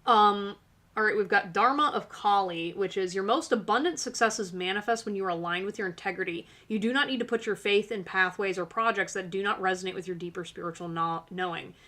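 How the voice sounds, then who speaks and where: A woman's voice: mid-range voice, fairly quick, pushed and bright. A woman hosting a live-stream tarot reading, talking casually and encouragingly with lots of fillers. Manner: chatty, filler-heavy, encouraging.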